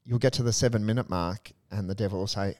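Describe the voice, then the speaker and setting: A young adult male priest in casual faith discussion, earnest and animated, telling stories with a touch of humor. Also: fairly low pitch, quick pace. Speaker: Catholic priest, co-host.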